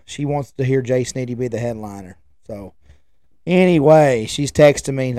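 A man's voice: mid-range voice, moderate pace, mellow, dry recording, studio quality. Rambling man in his forties. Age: 40s. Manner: rambling, chatty, restarts and trails off. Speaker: podcast host. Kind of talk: casual rambling storytelling.

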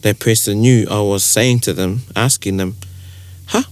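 Low-voiced New Zealand man explaining. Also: steady tone, normal speed, a little mellow. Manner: explains by acting out example phrases. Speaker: te reo Māori podcast co-host. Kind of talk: casual conversational teaching.

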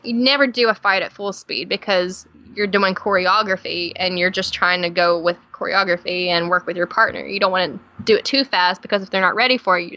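Guesting on a podcast, a Southern-drawling woman from Tennessee animatedly recounts stage stories with laughs in casual conversation. Her voice sits at medium pitch, and the highs are cut off.

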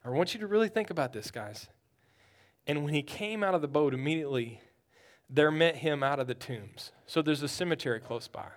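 A male pastor preaching a sermon. He swings from loud urgency to hushed storytelling, often repeating words as he builds. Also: a little high, expressive, a little fast.

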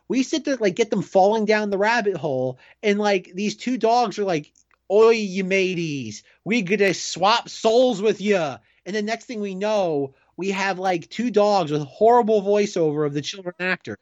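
A man co-hosting a casual chat, rambling in an animated way with lots of fillers. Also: high voice, dry recording. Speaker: podcast co-host. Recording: dry, dull lo-fi sound.

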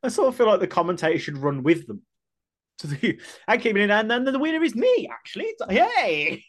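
A man's voice: sits high, big pitch swings, fairly quick. A man with a Birmingham accent co-hosting a podcast, playful and swearing freely in casual chat. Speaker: podcast co-host.

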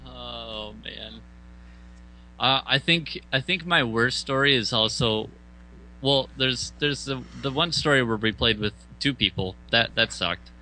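Man, casual storytelling, profane, animated, very bright tone, faint hum. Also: mid-range voice, rough recording. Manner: profane, animated retelling with loud mock outbursts. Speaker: band member telling a story.

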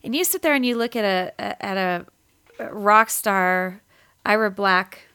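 Bright-voiced lady on a podcast, laughs a lot, kinda breathless from being sick. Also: medium pitch, unhurried, smooth. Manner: giggly, rambling, laughs often. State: short of breath after a respiratory infection. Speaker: podcast co-host. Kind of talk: casual chat.

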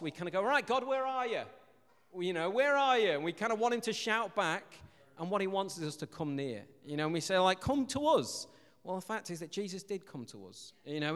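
A young man preaching a casual, jokey sermon in a church, telling stories in a lively, animated way. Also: on the high side. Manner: chatty, jokey, animated storytelling with shouted asides. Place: church hall. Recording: long hall reverb.

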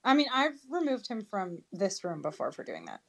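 A woman's voice: medium pitch, wildly swooping pitch, normal speed, a bit bright. Opinionated woman from western New York, blunt casual talker. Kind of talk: casual chat.

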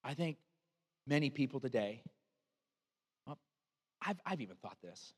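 A male pastor preaching a sermon in a church, animated and conversational, with frequent asides to the congregation. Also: medium pitch, unhurried, husky, big-room sound.

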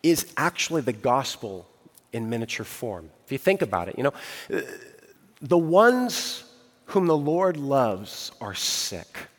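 A man's voice: medium pitch, big pitch swings. Earnest preacher, man, reverberant hall. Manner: earnest preaching with rising emphasis and slow pauses. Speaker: pastor. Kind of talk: sermon.

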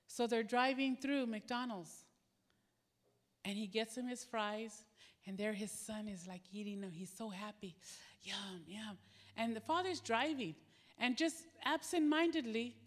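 A woman's voice: medium pitch, normal speed. A middle-aged woman preaching a sermon, candid and earnest, telling stories. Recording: echoey hall.

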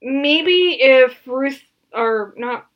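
A woman's voice: high voice, animated, drawn-out words, lo-fi sound. A woman co-hosting a podcast, chatting casually and animatedly, laughing often and trailing off mid-thought. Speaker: podcast co-host. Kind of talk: casual chat.

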